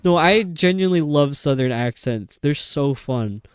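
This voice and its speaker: A man's voice: on the high side, lively intonation, normal speed, smooth, no echo. A young adult man streaming a game, chatting in a rambling, casual way with lots of fillers. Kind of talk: casual chat while playing a game.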